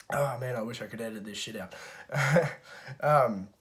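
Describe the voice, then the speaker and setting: A man's voice: mid-range voice, bright, forceful tone. A man giving a casual movie review rant, swearing often and restarting his sentences with lots of fillers. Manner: profane, frequent stammered restarts and fillers. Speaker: film reviewer.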